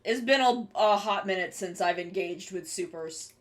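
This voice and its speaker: A woman's voice: mid-range voice, moderate pace. A young woman streaming live, chatting casually with her viewers while she draws, rambling and swearing offhandedly.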